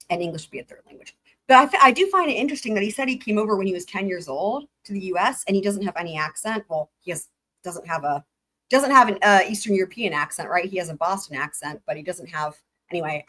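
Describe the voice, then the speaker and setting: A woman's voice: lowish voice, fast talker. Woman giving sarcastic live trial commentary. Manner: animated and incredulous, reading legal filings aloud with sarcastic asides. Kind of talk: casual live-stream commentary.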